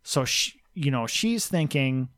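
A man's voice: medium pitch, animated, unhurried, a bit bright, no room sound, clean studio sound. A man co-hosting a podcast in casual political chat, blunt, sarcastic and emphatic. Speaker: podcast co-host.

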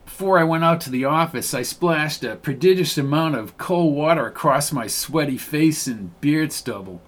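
A man's voice: fairly high pitch, moderate pace. A man narrating a first-person audiobook in a wry, hard-boiled storytelling manner.

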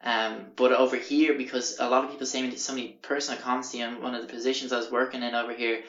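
A man's voice: medium pitch, flat delivery, fast talker, a bit bright. A young Irish man hosting a podcast, telling a rambling story in casual chat, swearing often and acting out what people said. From Ireland. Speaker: podcast host. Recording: roomy, dull lo-fi recording.

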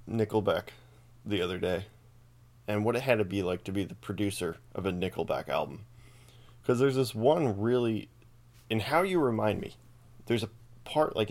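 A man hosting a podcast, rambling through a casual comedic rant full of swearing and self-amused asides. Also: lowish voice. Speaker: podcast host.

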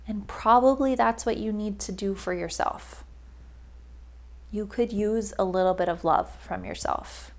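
A young adult woman, a life coach, giving a casual but emphatic motivational monologue with frequent "like" fillers. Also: medium pitch.

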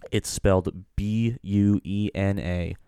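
Smooth low-voiced young man hosting. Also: fairly even intonation, slow pace, warm tone, dry recording, studio quality. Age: young adult. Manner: joking, searches aloud for words. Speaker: podcast host. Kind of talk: casual chat.

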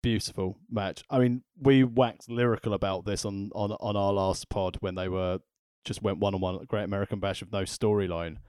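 A man's voice: on the low side, steady tone, normal speed, darkish tone, clear, resonant tone, no echo, clean studio sound. A man co-hosting a casual podcast chat, making wry, joking asides. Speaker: podcast co-host.

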